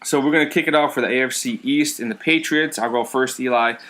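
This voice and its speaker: A man co-hosting a podcast in casual chat, relaxed and stumbling through fillers. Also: medium pitch, quick pace. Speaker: podcast co-host.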